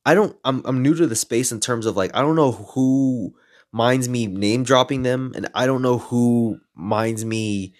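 A man in his twenties, a podcast host telling a story in casual, lively style, adding some playful swearing. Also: mid-range voice, a little slow. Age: 20s.

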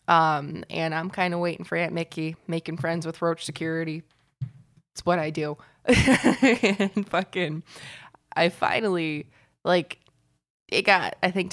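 A young woman co-hosting a casual podcast speaks in a lowish, fairly bright voice. She tells stories full of swearing and laughter in loose, chatty conversation.

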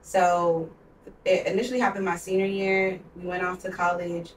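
Flat in delivery and fairly low in pitch, this woman in her twenties speaks at a moderate pace over slight background noise. She co-hosts a podcast, sharing a personal story candidly and emotionally with heavy use of "like." The recording is roomy, with her far from the mic.

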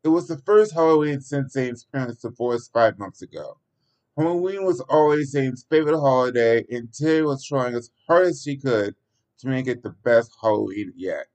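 A man with an ordinary mid-pitched voice narrates a story aloud. The reading is halting, with small slips and restarts, like an amateur recording. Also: a little mellow, rough recording.

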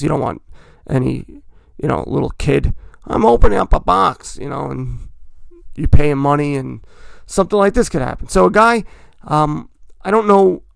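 A man's voice: fairly high pitch, creaky, no echo, studio quality. A man hosting a podcast, talking in a rambling, chatty way and correcting himself as he goes. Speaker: podcast host. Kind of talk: casual hobby talk.

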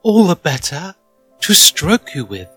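A man voicing a sly, hungry male wolf disguised as a grandmother, speaking in a high, slow, trembling voice. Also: very animated, bright, forceful tone, breathy edge, faint music behind, full character voice.

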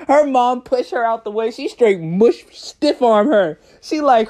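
A young man telling a story in a casual vlog, animated and profane, often breaking into laughter. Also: very high-pitched, normal speed, hardly any pauses. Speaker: vlogger.

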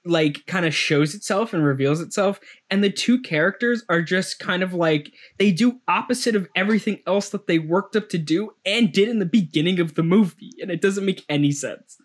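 A man co-hosting a casual movie-review chat, voice sitting a little high. He rambles, restarts and fills gaps with "like" and "um," laughing often between points. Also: moderate pace, hardly any pauses. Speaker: podcast co-host.

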